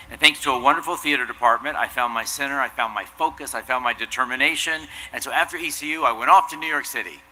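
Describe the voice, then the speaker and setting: A man's voice: mid-range voice, bright, forceful tone, a little hiss or hum, rough recording. A man giving a commencement address, telling an earnest, self-deprecating story. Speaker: commencement speaker. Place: outdoor commencement ceremony.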